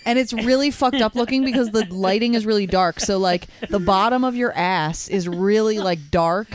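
A woman's voice: mid-range voice, moderate pace. A woman co-hosting a comedy podcast, teasing the others, giggling and swearing freely. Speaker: podcast co-host. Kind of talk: casual comedy podcast chat.

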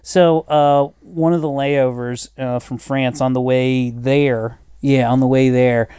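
A man telling stories in casual chat, animated, swearing freely and acting out other people's voices. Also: mid-range voice, slow, clean tone, dry recording. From United States.

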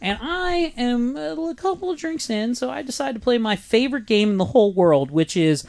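Lively crude-joking man. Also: extremely high pitch, brisk. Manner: crude, joking, laughs often. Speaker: comedian and podcast co-host. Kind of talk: raunchy casual storytelling chat.

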